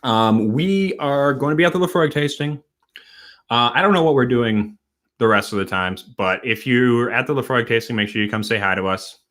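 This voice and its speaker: A man from Wisconsin hosting a casual late-night livestream, a bit tipsy, rambling and halting as he talks. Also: medium pitch, fairly bright tone. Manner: rambling, halting, with many fillers and restarts. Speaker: host.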